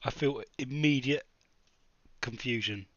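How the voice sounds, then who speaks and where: A man's voice: mid-range voice, a little slow, dry recording, dull audio, lightly acted. A man voicing a confused, newly cured male adventurer who complains melodramatically. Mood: bewildered.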